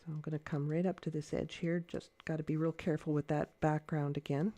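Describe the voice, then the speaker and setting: A woman demonstrates watercolor painting in a relaxed livestream, her voice mellow and warm. She thinks aloud, hesitating and correcting herself, and speaks in a gentle, encouraging way. The sound is dry and close, with no room echo. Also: low voice, brisk. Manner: chatty, thinking aloud, hesitant with many fillers. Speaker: watercolor art teacher.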